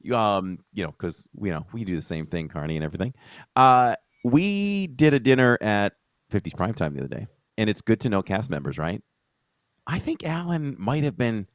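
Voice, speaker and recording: Lively low-voiced man, dry sound. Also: no echo. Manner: lively, joking, hesitant fillers. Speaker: podcast host. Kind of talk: casual podcast chat.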